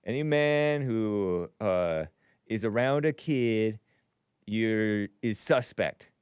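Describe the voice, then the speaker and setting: A man's voice: lowish voice, slow pace, darkish tone, clear, resonant tone, no room sound. A man hosting a call-in talk show, musing aloud in a wry way and often trailing off.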